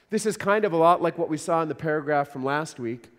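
Pastor, male, slightly high voice, earnest conversational sermon, long church reverb. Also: animated, fast talker, hardly any pauses. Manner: earnest, conversational preaching with repeated words.

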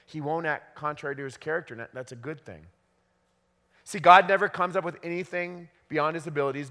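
A man's voice: on the high side, fairly bright tone, in a large hall. A male pastor giving a conversational sermon, often restarting his sentences as he talks through a psalm. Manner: conversational preaching with frequent restarts.

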